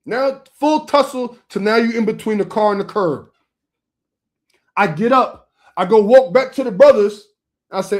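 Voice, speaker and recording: A young man with a high-pitched voice preaches informally straight to his listeners. He talks in an emphatic, streetwise way, stacking short repeated phrases to drive each point home. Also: normal speed.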